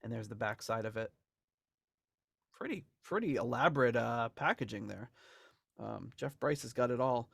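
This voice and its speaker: A man's voice: medium pitch, expressive, normal speed, vocal fry, pauses often, a bit bright, breathy edge, no room sound, studio quality. Rambling man co-hosting a podcast. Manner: rambling, laughs often, restarts. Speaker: podcast co-host. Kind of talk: casual chat about album memorabilia.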